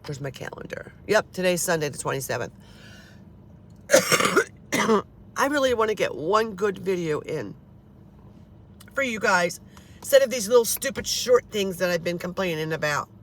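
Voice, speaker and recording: A woman in her fifties talks straight to her viewers in a loose, rambling way, swearing when she's frustrated and tripping over restarts. Her voice sits at an ordinary middle pitch. A faint hiss of background noise sits under the recording. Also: sing-song, measured pace, pauses often, a bit bright. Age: 50s. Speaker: paranormal vlogger. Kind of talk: casual rambling monologue to camera.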